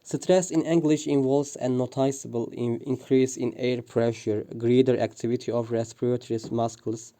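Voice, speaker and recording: A man reads a prepared linguistics presentation, pausing often with "uh" and restarting words. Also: medium pitch, dark tone. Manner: hesitant, frequent "uh" fillers and restarts. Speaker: student presenter.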